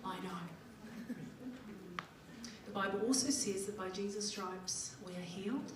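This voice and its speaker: Her voice is mid-range and unhurried: a middle-aged woman with a New Zealand accent giving a humorous, chatty conference talk and playing out small dialogues. Captured at a distance in a very echoey conference hall, the clip has a noisy background where the audience laughs.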